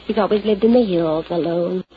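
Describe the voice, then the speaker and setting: An actress playing a nervous, giggly small-town librarian who stammers and talks in hushed tones, in a 1950s radio drama. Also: female voice, fairly low pitch, a little fast, a little hiss or hum, lightly acted. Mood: fluttery. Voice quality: breathy, giggly, hesitant. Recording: dull lo-fi old radio recording.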